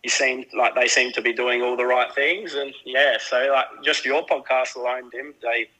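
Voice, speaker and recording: A man as a podcast guest, chatting in an easygoing way, joking and trailing through halting starts. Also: medium pitch, steady tone, pushed and bright, poor audio. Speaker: guest, greyhound owner. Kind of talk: casual interview chat.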